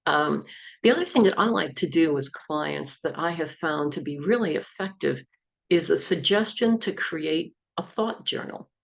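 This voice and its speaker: A woman's voice: low-pitched, expressive, normal speed, vocal fry. A middle-aged woman, an executive coach and hypnotherapist, explaining self-help techniques in an easygoing talk.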